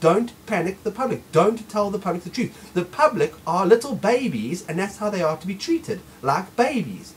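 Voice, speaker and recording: An insistent man delivers an opinion monologue, hammering home each point with a lively, animated pitch. Faint noise hums in the background. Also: normal speed, hardly any pauses, rough recording. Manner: insistent, emphatic, repetitive. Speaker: host.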